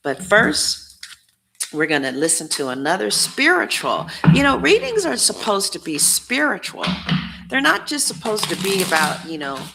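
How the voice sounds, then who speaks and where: A woman's voice: mid-range voice, big pitch swings, normal speed, gravelly, background noise. A woman giving a casual tarot reading, talking bluntly and preachily, with slangy asides to her viewers. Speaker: tarot reader.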